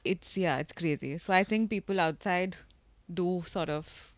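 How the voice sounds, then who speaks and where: A woman's voice: on the low side, a little slow, no echo. Chatty woman podcast regular. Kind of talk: casual chat.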